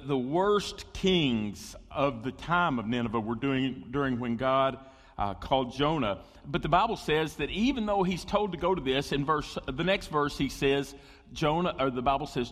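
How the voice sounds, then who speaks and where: Animated pastor preaching in a reverberant hall. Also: male voice, mid-range voice. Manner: animated, conversational, with asides and jokes to the congregation. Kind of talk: sermon.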